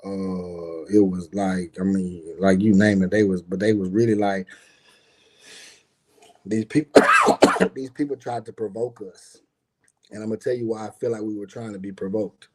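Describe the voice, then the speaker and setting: A man's voice: lowish voice, fairly even intonation, normal speed, long pauses, a little mellow, slight background noise. A middle-aged man, a guest on a live stream, telling a personal story in a casual, emphatic and profane way, often turning to speak straight to his listeners.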